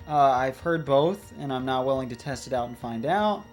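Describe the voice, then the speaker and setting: Lets player rambling about a puzzle game, pitch all over the place. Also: animated, moderate pace, a little mellow, soft background music. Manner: chatty, rambling. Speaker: let's play host. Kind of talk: casual gameplay commentary.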